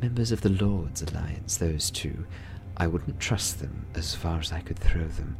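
A man voicing a shrewd older woman teacher in a tabletop game, talking in a hushed, dry, confiding way. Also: extremely low pitch, expressive, a little slow, gravelly, heavily acted. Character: shrewd female elder teacher, dry and wry.

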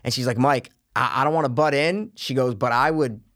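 Fast-talking man telling a story. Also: mid-range voice. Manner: animated, acts out quotes, swears freely. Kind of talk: casual storytelling chat.

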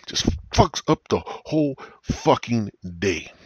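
A man's voice: medium pitch, lively intonation, slow, darkish tone, slightly rough, dry recording. A man hosting a comedy podcast, rambling through profane, crude stories into a cheap gaming headset. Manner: profane, meandering, crude storytelling. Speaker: podcast host.

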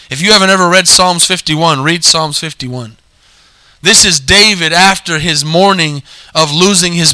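Bright-voiced man preaching a sermon. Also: on the high side, no room sound. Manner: call-and-response preaching, drawn-out scripture reading. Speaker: pastor.

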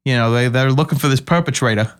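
A man's voice: medium pitch, fast talker, clean tone. Easygoing male podcast co-host. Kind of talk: casual chat.

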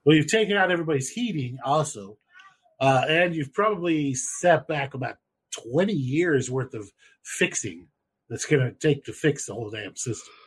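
A man in casual podcast chat, swearing freely and rambling through fillers in an animated, husky voice. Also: on the high side, moderate pace.

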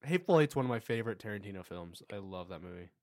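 A man's voice: fairly low pitch, animated, rapid-fire, darkish tone, no room sound, clean studio sound. A man co-hosting a podcast in casual chat, enthusiastically retelling game scenes. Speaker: podcast co-host.

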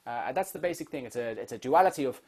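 A man's voice: medium pitch, lively intonation, darkish tone. A man playing a rambling, heavily medicated older film director, stammering and restarting constantly in a comedy interview. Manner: stammering, halting, full of restarts.

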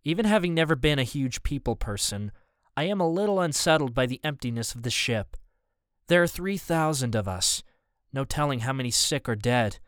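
Smooth-voiced male audiobook narrator. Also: medium pitch, expressive, moderate pace, dry recording, clean studio sound. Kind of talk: first-person scripted narration.

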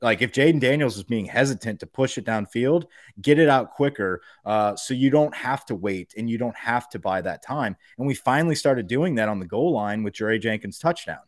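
A man co-hosting a sports podcast in casual, animated chat, swearing freely and rambling with fillers. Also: medium pitch, brisk, hardly any pauses, no room sound, clean studio sound. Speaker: podcast co-host.

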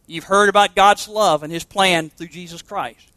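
A pastor preaching a sermon to confirmation students, emphatic and asking rhetorical questions. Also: male voice, high-pitched, fairly even intonation, moderate pace, bright, forceful tone, dry recording.

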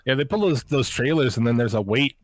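Speaking a little fast in an expressive mid-range voice, this watch-along co-host keeps the chat casual, tossing in profanity and laughs as he explains things. The recording has no echo.

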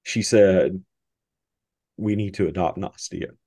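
Middle-aged man, very low voice, dry close mic; halting, heartfelt guest storyteller. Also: steady tone, gravelly, dark tone, dry recording. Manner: halting, many restarts and fillers, emotional, laughs often. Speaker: podcast guest. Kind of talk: conversational storytelling.

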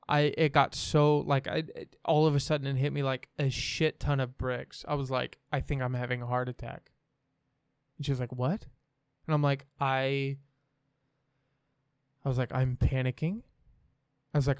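A man's voice: mid-range voice, clean tone, dry recording, studio quality. A young man, a podcast guest, telling a candid personal story in a frank, rambling way and swearing freely.

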